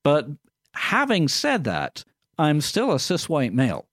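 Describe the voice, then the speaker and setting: A man's voice: a little high, huge pitch swings, unhurried, fairly bright tone, no echo, clean studio sound. A middle-aged man with a Scottish accent, co-hosting a radio chat in a wry, rambling way with many ums. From Scotland. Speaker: radio co-host.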